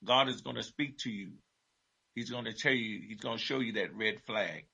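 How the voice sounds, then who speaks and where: This is a man with a gravelly, somewhat husky voice and a strikingly bright tone. He talks casually about faith as a church teacher and keeps chiming in with short affirmations. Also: fairly low pitch, normal speed, muffled recording. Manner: affirming, interjects often.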